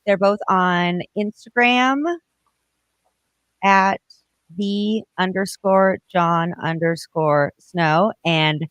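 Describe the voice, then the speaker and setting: A woman hosting a podcast from home, chatting casually and quickly with frequent laughter. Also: on the low side, steady tone, a bit bright, clean tone, no room sound. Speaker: podcast host. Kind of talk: casual interview chat. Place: home in Colorado.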